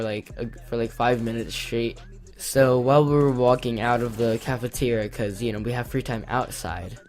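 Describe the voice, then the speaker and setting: A teenage boy telling a storytime vlog in an excitable, rambling way with lots of fillers. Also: mid-range voice. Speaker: vlogger. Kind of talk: storytime commentary.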